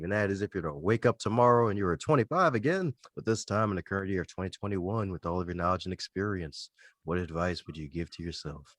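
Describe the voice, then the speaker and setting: A man's voice: low voice, fast, a bit bright, no room sound, clean studio sound. A man hosting a podcast interview in casual chat, playful and jokey, leaning on catchphrases. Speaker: podcast host.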